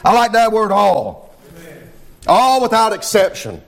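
High-voiced preacher man, fervent. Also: very animated, measured pace, vocal fry. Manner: fervent preaching, fills phrases with "Lord God" and "amen". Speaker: pastor. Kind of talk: sermon.

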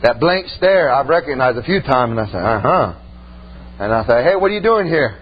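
A man's voice: medium pitch, big pitch swings, a little fast, husky. A male preacher giving a folksy sermon, telling stories and punctuating them with "amen". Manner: folksy storytelling preaching, repeated "amen" and "man". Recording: dull lo-fi sound with faint hum.

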